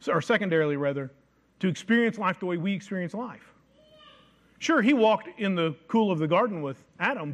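Guy preaching, pretty high voice, leans hard on the big words. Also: a bit bright. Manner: emphatic, slows to stress scripture phrases. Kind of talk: sermon.

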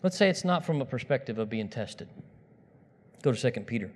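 A man's voice: medium pitch, animated, a little fast, slight background noise. Man preaching in a reverberant hall. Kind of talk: sermon, conversational preaching. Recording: long reverb of a large hall.

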